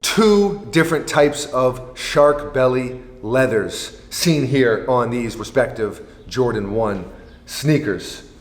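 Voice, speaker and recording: Man doing a solemn nature-show narrator, slow drawn-out delivery, mid-pitched, roomy echo, long reverb. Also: animated, faint music behind. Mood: mock solemn. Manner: slow, deliberate, mock-serious.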